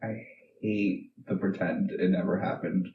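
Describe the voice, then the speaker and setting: A man's voice: sits low, fairly even intonation, unhurried, vocal fry, reverberant, far from the mic, narrow, tinny audio, a little hiss or hum. A man interviewing a guest, answering with brief, sympathetic remarks.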